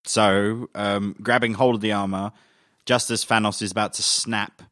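Deep-voiced man recapping a film. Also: normal speed, dry recording, clean studio sound. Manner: steady, explains plot step by step. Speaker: podcast co-host. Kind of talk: casual film recap chat.

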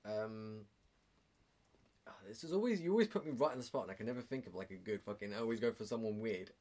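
A man's voice: lowish voice, lively intonation, quick pace, darkish tone. A young man co-hosting a podcast, chatting casually and rambling through stories with lots of swearing. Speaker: podcast co-host. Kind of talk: casual chat.

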